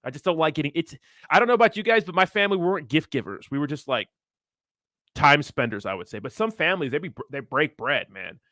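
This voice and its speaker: A crypto streamer in his thirties reads chat during a casual livestream, rambling, swearing, laid-back and laughing often. His voice is fairly high, animated, fast, pushed and bright. The recording is dry, with clean studio sound.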